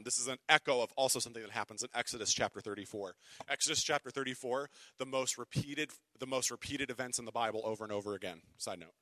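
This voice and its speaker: A man preaching a sermon, with wry conversational asides, who reads scripture dramatically, swinging from loud declaiming to hushed whispers. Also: fairly low pitch, fast talker, no room sound. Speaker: pastor.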